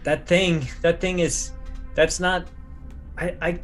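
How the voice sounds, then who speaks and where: A man's voice: sits high, level tone, takes it slowly, soft background music. A man voicing a nervous male writer who stammers, in a tabletop horror game.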